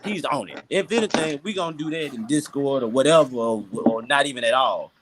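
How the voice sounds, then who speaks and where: Animated, slangy man hosting a chat. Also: medium pitch, a little fast, background noise. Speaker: podcast host. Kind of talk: casual chat.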